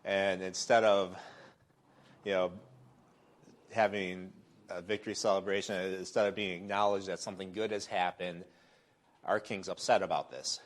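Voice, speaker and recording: Deep-voiced man teaching Sunday School. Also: level tone, normal speed, long pauses. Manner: conversational, with fillers and restarts. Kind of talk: Bible lesson. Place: church classroom.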